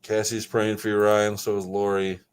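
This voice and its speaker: A man's voice: on the low side, completely flat delivery, moderate pace, smooth. A man hosting a casual livestream, reading viewer comments aloud, joking and swearing casually as he reminisces. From Wisconsin. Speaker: livestream host reading chat. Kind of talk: casual live chat.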